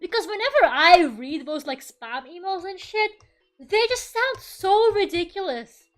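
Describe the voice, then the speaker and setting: High-voiced, swearing young woman streamer. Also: expressive, measured pace, a bit bright, faint music behind. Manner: swears freely, laughs often, rambling. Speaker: VTuber streamer. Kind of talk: casual chat during an art stream.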